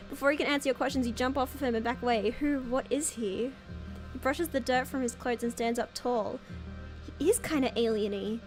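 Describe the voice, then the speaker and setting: Excitable woman streamer reading a game aloud. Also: high-pitched, a little fast, soft background music. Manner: excitable, squeals and laughs, dramatic reactions.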